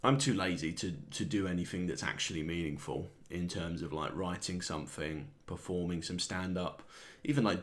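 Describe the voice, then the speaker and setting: A man, a comedian, rambling through a sardonic, self-deprecating solo monologue and chuckling at his own jokes. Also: low voice. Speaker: comedian host.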